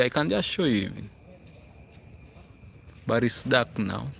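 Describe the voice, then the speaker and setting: A man's voice: mid-range voice, animated, measured pace, vocal fry, fairly bright tone, a little hiss or hum. A man from Uganda with a Ugandan English accent, chatting casually on a livestream and reading out viewers' comments. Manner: chatty, reads out viewer comments, frequent "hmm?" check-ins. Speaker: livestream host. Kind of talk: casual live chat. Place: school grounds at night, outdoors.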